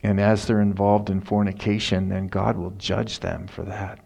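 A man's voice: lowish voice, flat delivery, moderate pace, creaky, mellow, breathy edge. A man voicing a greedy, scheming male prophet in a retold Bible story, whining and plotting.

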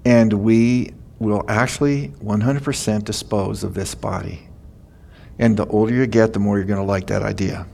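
A man's voice: lowish voice, steady tone, normal speed, gravelly, darkish tone. An older man preaching a sermon, telling stories in a folksy, chatty way. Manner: folksy storytelling, laughing at his own stories. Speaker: pastor.

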